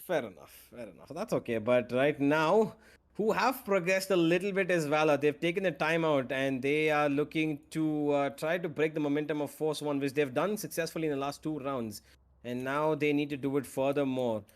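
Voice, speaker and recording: Man, esports caster, live play-by-play, excitable, fairly high voice. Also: moderate pace. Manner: excitable, rising to shouts on big plays.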